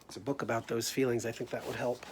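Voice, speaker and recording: Gentle male teacher talking to children. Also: mid-range voice, flat delivery, fast talker, a little hiss or hum. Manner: gentle, talking through feelings aloud. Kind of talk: storytime lesson for children.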